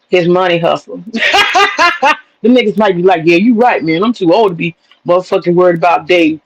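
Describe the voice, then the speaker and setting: A woman's voice: fairly low pitch, dry recording, lo-fi sound. Streamer, female, blunt and foul-mouthed, dry close sound. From Southern US. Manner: blunt, profane, wisecracking. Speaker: livestream host. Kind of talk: casual commentary rant.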